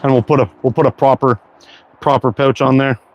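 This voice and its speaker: A middle-aged man casually chatting on a livestream as he shoots, relaxed and self-deprecating. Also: mid-range voice, brisk, dull audio, slight background noise. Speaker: slingshot livestream host. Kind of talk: casual live-stream chat while target shooting.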